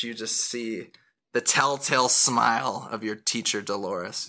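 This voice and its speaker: A man's voice: lowish voice, pushed and bright. A man narrating as game master in a tabletop game, rambling with fillers and self-corrections.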